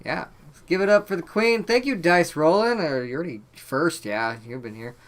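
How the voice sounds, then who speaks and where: A man co-hosting a live horror movie stream, relaxed and joking, laughing often. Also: fairly high pitch, normal speed. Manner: laid-back, laughing, joking. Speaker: horror YouTube co-host. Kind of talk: casual live-stream chat.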